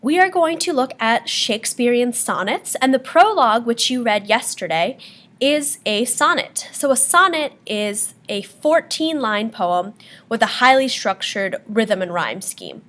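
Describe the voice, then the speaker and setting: A woman's voice: on the high side, lively intonation, a little slow, a bit bright. A woman teacher giving a patient classroom lecture on poetry terms, explaining step by step with frequent ums.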